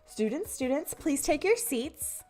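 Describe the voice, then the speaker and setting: A tiny panting dog professor, high and eager, all prim manners, as a woman puts him on. The voice swings up and down in a lively way. It sits over faint music in a video game reading. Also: measured pace. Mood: flustered. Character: panting little dog professor, fussy and polite.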